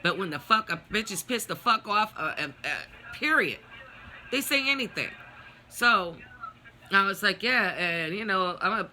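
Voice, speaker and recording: A woman's voice: medium pitch, lively intonation, moderate pace, bright, forceful tone, a little hiss or hum. A middle-aged woman vlogging a personal story, venting in a blunt, profane, heated way.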